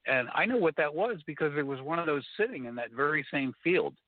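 A man calling in to a talk show, telling a story in a rambling, halting way with many restarts. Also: fairly high pitch, lively intonation, no echo. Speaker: caller. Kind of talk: casual phone conversation. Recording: tinny phone line, dry.

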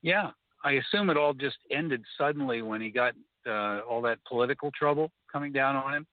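A man's voice: mid-range voice, no room sound. Rambling man on a tinny phone line. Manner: rambling, halting, many restarts. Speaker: caller. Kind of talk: casual phone conversation.

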